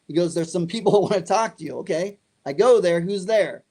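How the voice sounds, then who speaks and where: A man's voice: high voice, fast, few pauses. A middle-aged man telling a story in an interview, acting out the other voices in it. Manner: animated, acts out dialogue. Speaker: guest.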